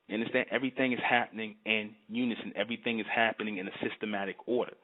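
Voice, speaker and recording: A man's voice: on the low side, steady tone, very fast, hardly any pauses. A man in a fervent monologue, emphatic and repetitive, often asking if the listener understands. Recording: tinny phone-like sound.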